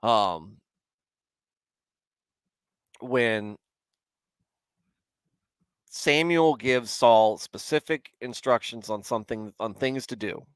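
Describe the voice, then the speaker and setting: A man's voice: medium pitch, very slow, long pauses, smooth, dry recording. A man hosting a casual livestream Bible commentary, rambling with many restarts and stopping to chat with viewers. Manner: chats with live viewers. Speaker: host.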